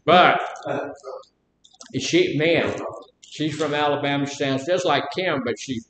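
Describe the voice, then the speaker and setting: A man with a Southern drawl teaches a live class, folksy and fond of quizzing his listeners. His voice sits a touch high. The room is echoey, with a faint rumble underneath. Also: takes it slowly, a bit bright. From Mississippi. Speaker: class instructor. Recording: roomy echo, faint rumble.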